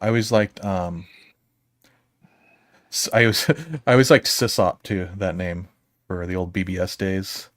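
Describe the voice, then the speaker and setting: Low-voiced laid-back man, dry sound. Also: measured pace, pauses often, no room sound. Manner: rambling, chuckles between thoughts. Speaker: comic book artist. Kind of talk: casual creative chat.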